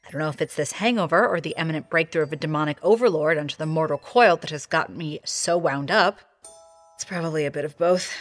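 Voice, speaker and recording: Sardonic woman narrating audio drama, lowish voice, swears a lot, faint music behind. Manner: wry, sardonic, swears freely.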